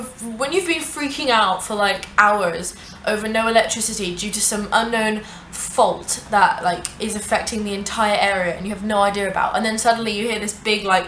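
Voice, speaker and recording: A young woman telling a storytime vlog, animated and sweary, with many "like" fillers. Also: medium pitch, a little hiss or hum. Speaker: vlogger. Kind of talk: casual storytime narration. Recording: echoey room.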